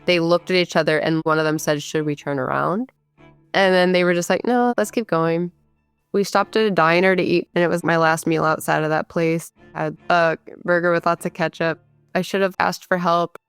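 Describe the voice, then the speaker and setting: A smooth, low-sitting voice belongs to a Michigan-raised woman in her thirties telling a personal story. She speaks candidly and conversationally with frequent fillers, and the recording is dry.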